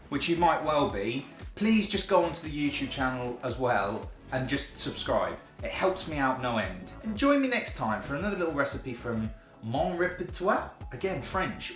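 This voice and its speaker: A man's voice: mid-range voice, a bit bright, roomy sound. A chatty, self-deprecating man, hosting a casual cooking video in his home kitchen.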